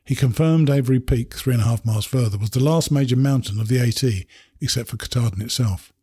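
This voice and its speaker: English male memoir narrator, reflective delivery, breathy middle-pitched voice. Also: mellow, no room sound, clean studio sound. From England. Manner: measured, reflective storytelling. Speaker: narrator reading his hiking memoir. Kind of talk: first-person memoir narration.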